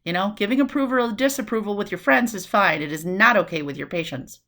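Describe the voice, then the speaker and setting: A woman from New City, giving a recorded nursing lecture in a lively way, acting out quick voices and asides. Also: medium pitch. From New York City. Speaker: nursing instructor.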